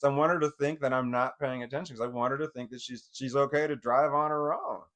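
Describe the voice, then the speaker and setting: A man's voice: mid-range voice, steady tone, fast, fairly bright tone. A middle-aged man telling a personal story in casual vlog talk, rambling and profane, with many restarts. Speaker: vlogger.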